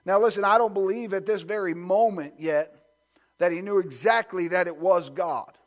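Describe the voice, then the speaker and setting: A man's voice: high-pitched, normal speed. A man preaching a fervent sermon, asking the congregation questions and building his points through repeated phrases. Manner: asks the congregation rhetorical questions.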